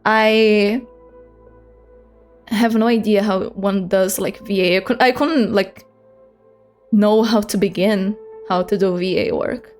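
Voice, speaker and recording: A woman's voice: mid-range voice, steady tone, slow, pauses often. A young woman streaming a game, chatting casually and self-deprecating, with some swearing. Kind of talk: casual gaming stream chat. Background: game music.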